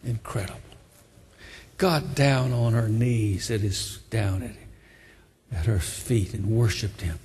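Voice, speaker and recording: A man's voice: fairly low pitch, slow pace, long pauses, darkish tone, husky, long reverb tail. A man preaching a sermon with emphatic, repetitive exhortation.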